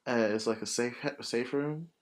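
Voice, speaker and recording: A man hosts a casual podcast, telling a movie plot with lots of fillers and cursing. His pitch sits in the middle range for a man. The delivery is loose and animated. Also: normal speed. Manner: rambling, profane, animated storytelling with many fillers. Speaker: podcast host.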